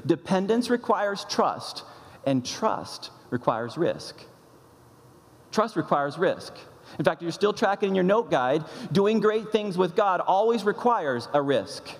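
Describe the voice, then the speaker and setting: A male pastor delivers a sermon in an emphatic, deliberate way, driving home each point by repeating it. His voice sits a bit high for a man and rings out with a long reverb from a large hall. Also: big pitch swings. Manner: emphatic, repeats key phrases.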